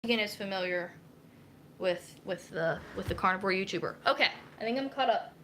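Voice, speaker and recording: A woman's voice: medium pitch, a little fast, fairly bright tone, slight background noise. A young woman, a dietitian, chatting casually and rambling with many fillers while cooking in her home kitchen on a live stream. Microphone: camera mic.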